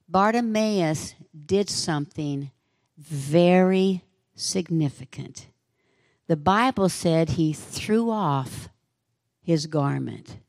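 Slow, dramatic woman preacher. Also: on the low side, a little mellow, no echo, studio quality. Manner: vivid, dramatic storytelling. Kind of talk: sermon.

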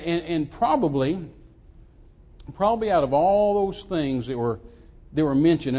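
An older man, preaching a sermon as a lively story, often repeating words, on a handheld mic in a church. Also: on the high side. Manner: animated, repeats words, acts out quoted voices. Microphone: handheld microphone.

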